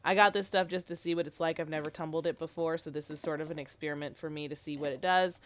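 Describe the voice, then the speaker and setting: A woman's voice: low voice, steady tone, quick pace, a little hiss or hum. A woman vlogging casually about her rock tumbler, thinking aloud with ums and a sick-sounding voice. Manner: chatty, thinking aloud with fillers. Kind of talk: casual how-to vlog.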